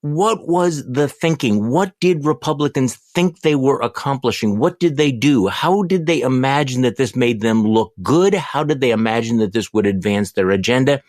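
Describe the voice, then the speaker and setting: A man's voice: mid-range voice, animated, normal speed, hardly any pauses, a little mellow, dry recording, studio quality. A man hosting a political podcast, asking rhetorical questions in building lists. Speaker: podcast host. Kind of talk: political talk, questioning guest.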